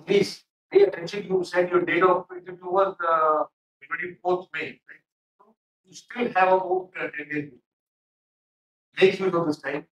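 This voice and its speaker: A man's voice: high voice, big pitch swings, normal speed, a bit bright, distant mic, dull audio. A man giving stern feedback in a mock interview, with many fillers. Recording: echoey room, off mic.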